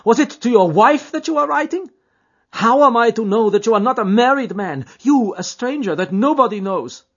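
A woman's voice: expressive, normal speed, breathy edge. A frantic young woman. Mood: distraught. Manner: high, shrill, emotional pleading. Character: young woman, nineteen, pleading and desperate. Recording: dull lo-fi recording.

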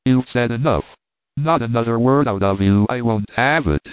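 A man voicing a fussy, motherly older aunt who scolds and gives orders in a loud, chiding voice. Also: medium pitch, normal speed, smooth, dry recording, lightly acted. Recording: tinny phone-like line, dry.

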